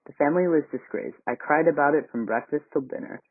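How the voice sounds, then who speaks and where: A man's voice: fairly high pitch, fast, dry recording. A self-pitying, indignant older woman who frets over family propriety, read by a man in his plain voice. The sound is narrow and tinny, like a phone line. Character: rigid, fussy older woman complaining of propriety.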